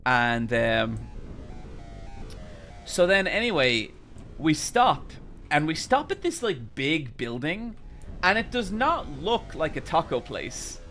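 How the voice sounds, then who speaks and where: A young man with a high, bright voice tells a long, rambling story to his stream chat, swearing freely and sounding exasperated. Soft music plays behind him. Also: very animated, slow, pauses often.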